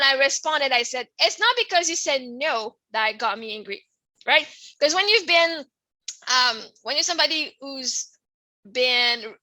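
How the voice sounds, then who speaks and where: A middle-aged woman with a French Canadian accent, hosting her own podcast in a rambling, expressive monologue that keeps coming back to "right?" and "like". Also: high-pitched, dry recording, rough recording. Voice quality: expressive, laughs often, swings from soft to loud. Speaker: podcast host. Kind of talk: casual personal monologue.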